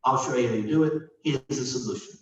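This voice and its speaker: A man's voice: medium pitch, fast. A man leading a service, giving an informal sermon and reading scripture aloud, who often asks his listeners questions. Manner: reads scripture aloud dramatically. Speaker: rabbi and cantor leading a service. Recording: distant mic in echoey room, dull sound, faint hum.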